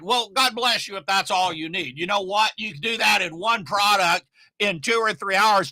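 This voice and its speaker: Middle-aged man from Oklahoma, high bright voice, dry close sound; folksy, emphatic marketing coach with loud outbursts. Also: normal speed, no echo. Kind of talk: motivational talk to camera.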